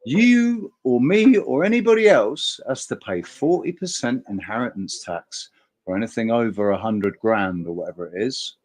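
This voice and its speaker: A man's voice: medium pitch, animated, moderate pace, a little mellow. A man hosting a casual livestream chat, talking emphatically in a rambling way and swearing freely. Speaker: host.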